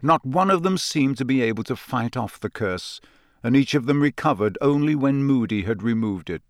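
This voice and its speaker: A man reading an audiobook in steady, even scripted narration. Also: mid-range voice, normal speed, dry recording, clean studio sound.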